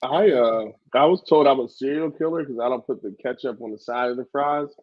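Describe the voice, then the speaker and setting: A man's voice: mid-range voice, a little fast, dull audio. A man co-hosting a casual podcast who rambles, swears and laughs a lot. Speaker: podcast co-host. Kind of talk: casual chat.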